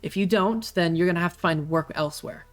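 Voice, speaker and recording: A game master narrating a tabletop game, halting often with uhs and ums. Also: medium pitch, soft background music. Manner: halting, filled with many uhs.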